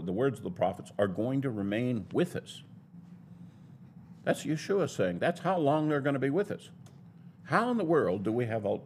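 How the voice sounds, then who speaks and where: A man's voice: mid-range voice, creaky, darkish tone, a little hiss or hum. A man teaching a Bible lesson in a sermon style, building his points in an emphatic, argumentative way.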